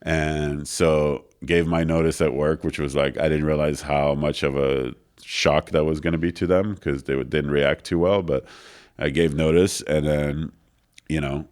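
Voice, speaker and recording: A bass-voiced man, a little slow in his delivery, is an interview guest in a recording studio telling a long anecdote. It's casual and animated, full of fillers, as he voices the other people involved.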